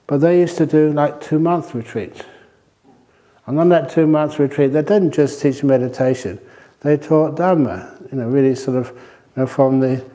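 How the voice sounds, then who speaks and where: Mellow-voiced older man giving a dharma talk. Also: medium pitch. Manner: humorous storytelling, relaxed and chatty. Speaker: meditation teacher. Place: retreat centre hall.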